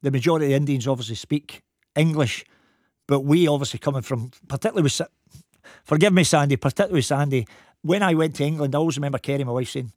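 A Scottish football coach from Glasgow with a Glaswegian accent, telling animated stories in a casual chat. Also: male voice, on the high side, no room sound, studio quality. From Scotland. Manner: animated anecdotes, quick talk. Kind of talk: casual storytelling.

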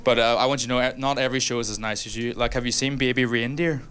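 A brash Northern Irish stand-up comedian performs live in a small converted hotel room, riffing with the crowd and laughing through his lines. His mid-range voice is steady, a bit bright, and racing, in a noisy live club recording.

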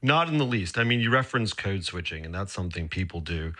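A man from the Southern US with a mixed North American accent, speaking as an accent expert on a radio phone-in, measured and academic, with many fillers. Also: low-pitched, expressive, bright, forceful tone. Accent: mixed North American with a Southern US base.

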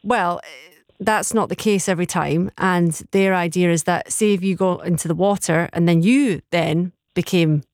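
A woman's voice: fairly low pitch, normal speed, dry recording. Welsh female presenter, hesitant but accommodating with callers, dry studio sound. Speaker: radio presenter. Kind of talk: radio phone-in chat.

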